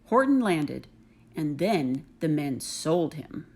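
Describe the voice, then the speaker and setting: A woman reading a rhyming children's picture book aloud, expressive and rhythmic. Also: low-pitched, slow pace, husky. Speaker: reader.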